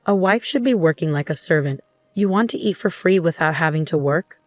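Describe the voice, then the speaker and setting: A woman's voice: low voice, expressive, a little fast, dry recording. A woman voicing a harsh, bossy older mother-in-law in a storybook narration, speaking in a scolding, commanding way.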